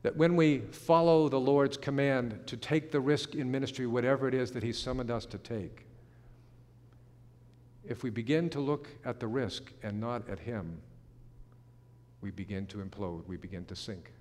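A middle-aged or older male pastor preaching a sermon in an earnest way, slowing down to stress key phrases. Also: medium pitch, darkish tone. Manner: earnest, slows for emphasis, some restarts. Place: church sanctuary. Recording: long hall reverb.

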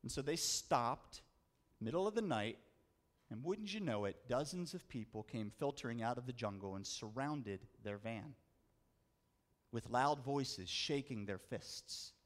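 A man preaching a sermon, telling a story with dramatic slowdowns and rising emphasis. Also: medium pitch, animated. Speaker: pastor.

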